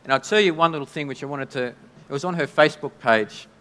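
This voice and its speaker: Aussie pastor preaching, talks casual and stumbly, big hall reverb. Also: male voice, on the high side, a bit bright. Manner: conversational, halting, with many restarts. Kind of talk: sermon.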